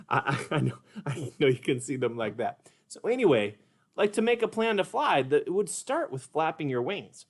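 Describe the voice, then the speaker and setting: A man running a puppet lesson for kids, speaking in a gentle, patient and encouraging way. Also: a little high, very animated, normal speed. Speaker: puppeteer and teacher.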